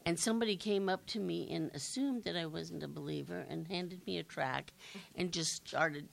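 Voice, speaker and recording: Older woman, congregant, low creaky voice, reflective anecdote. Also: normal speed, poor audio. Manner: hesitant, reflective storytelling. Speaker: congregation member.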